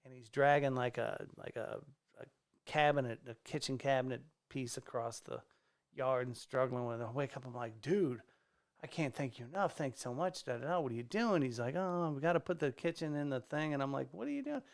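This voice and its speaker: A man, a stand-up comedian, telling a casual story on a podcast, animated and swearing freely as he acts out the people in it. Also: medium pitch, a little fast. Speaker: guest comedian. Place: podcast studio.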